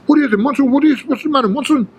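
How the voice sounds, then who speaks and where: A man's voice: very high-pitched, very fast, pitched above the performer's own voice. A man voicing a friendly, teasing male gym desk worker who cheerfully calls out nicknames.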